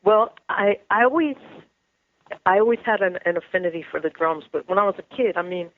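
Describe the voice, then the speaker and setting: A woman drummer, a guest on a radio show, recalling her childhood in a chatty, relaxed way. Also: medium pitch, a little fast. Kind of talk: casual radio interview over the phone. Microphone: telephone. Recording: tinny phone line.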